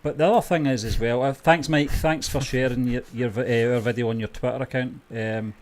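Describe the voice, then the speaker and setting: A man's voice: medium pitch, steady tone, brisk, a little mellow. A man co-hosting a movie news podcast, chatting easily and reading news items aloud.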